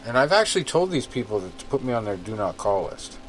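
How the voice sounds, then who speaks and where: A man's voice: lowish voice, very animated, quick pace, slight background noise, low-quality recording. A man co-hosting a podcast, telling stories in a rambling, casual way full of "like" and "uh". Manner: rambling, filler-heavy storytelling. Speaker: podcast co-host. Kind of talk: casual chat.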